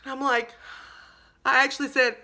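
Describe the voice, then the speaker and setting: A woman's voice: high-pitched, flat delivery, normal speed, bright, forceful tone. A young woman telling a storytime vlog, chatty and dramatic, calling her viewers y'all. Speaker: vlogger.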